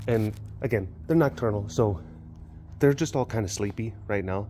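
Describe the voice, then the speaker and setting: A man, an animal keeper vlogging outdoors by the enclosures, chatting in a rambling, excitable way with lots of fillers. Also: fairly low pitch, normal speed, a little hiss or hum. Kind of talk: casual vlog chat.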